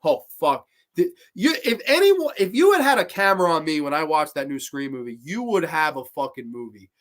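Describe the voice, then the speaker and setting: A man's voice: a little high, sing-song, brisk, a bit bright. A man hosting a horror movie show, ranting heatedly and profanely in a casual livestream and breaking into laughter as he reads viewer comments.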